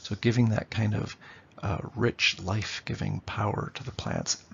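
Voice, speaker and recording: A man's voice: lowish voice, steady tone, moderate pace, gravelly, muffled recording, slight background noise. A man teaching literature in a lecture, explaining and tapping out rhythms aloud, often checking in with "okay?". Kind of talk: classroom lecture.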